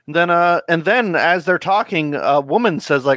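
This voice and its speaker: A man's voice: fairly high pitch, fairly quick, hardly any pauses, fairly bright tone, no room sound. A man on a casual podcast recapping a comic at length, rambling with fillers and briefly voicing the characters' lines. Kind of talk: casual chat.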